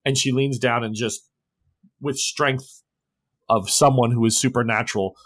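A man's voice: mid-range voice, fairly even intonation, measured pace, a bit bright, husky, dry recording. A man narrating a tabletop horror game as game master, rambling with many restarts.

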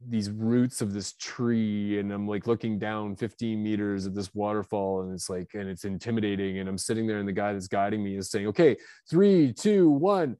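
Mellow-voiced man in his fifties. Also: lowish voice, brisk, few pauses, clean tone, no echo. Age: 50s. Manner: animated and confessional, with many fillers and restarts. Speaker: guest author. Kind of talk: candid storytelling.

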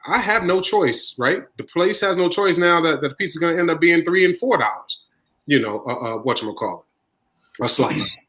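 A man's voice: fairly high pitch, animated, a little fast, fairly bright tone, rough recording. A man who owns a deli, talking in a casual podcast discussion and repeating his points for emphasis. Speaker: deli owner, podcast host.

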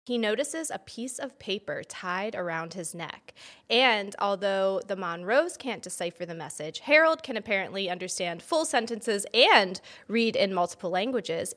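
Bright-voiced woman co-hosting a podcast. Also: mid-range voice, animated, normal speed. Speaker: podcast co-host. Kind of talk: casual chat.

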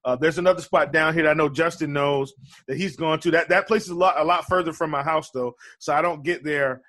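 Here the co-host of a relaxed basketball betting podcast, based around Charleston, speaks in a fairly high, somewhat bright voice with fairly even intonation and a slightly fast pace. He's conversational but hesitant, often using fillers and starting over.

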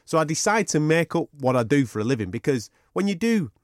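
Animated man telling a story. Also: a little high, brisk, no room sound, studio quality. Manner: animated anecdote with sweary banter and laughter. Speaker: podcast co-host. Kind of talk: casual storytelling chat.

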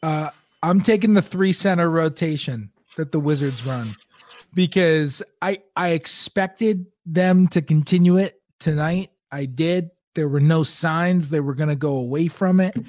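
Fairly high-voiced man thinking aloud. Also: unhurried, a little mellow, no room sound. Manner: thinking aloud, restarting and stumbling on words. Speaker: podcast panelist. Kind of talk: casual sports analysis.

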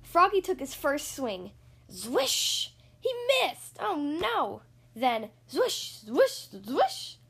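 A woman hosting a podcast, reading a children's picture book aloud in an expressive, sing-song storytelling voice. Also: high-pitched, very slow, vocal fry.

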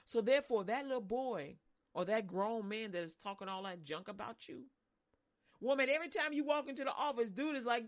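A woman preaching, her voice a touch high. She is animated and dramatic, swings between loud, soaring lines and soft, low ones, and acts out voices as she goes. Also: brisk. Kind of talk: sermon.

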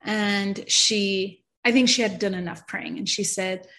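A woman at a mid-range pitch tells her personal testimony in an earnest, emotional way. She halts and stammers through restarts, and she often sinks into a soft, quiet voice. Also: a little slow. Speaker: person sharing a faith testimony.

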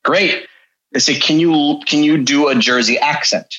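A man's voice: on the high side, measured pace, bright, forceful tone, lo-fi sound. A man chatting as a guest, telling a story with self-deprecating humor. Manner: self-deprecating, laughing at himself. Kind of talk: casual storytelling.

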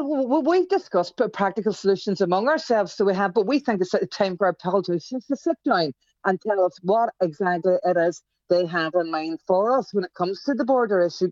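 An older woman with a Derry accent speaks earnestly as a campaigner, laying out her concerns one after another. Her voice sits at a middle pitch and sounds dry and slightly muffled. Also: no echo. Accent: Derry, Northern Irish. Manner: earnest, steady, listing points. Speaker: campaigner guest. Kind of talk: podcast interview.

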